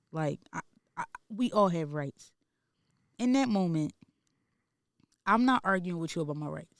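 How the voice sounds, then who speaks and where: A man's voice: on the high side, gravelly, dry recording. Podcast co-host, man, heated and emphatic, profane, dry close sound. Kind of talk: casual podcast chat.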